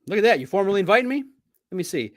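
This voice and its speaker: A man with a somewhat high voice hosts a live sports talk stream. He speaks in an animated, playful way, addressing his viewers directly as he goes. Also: racing.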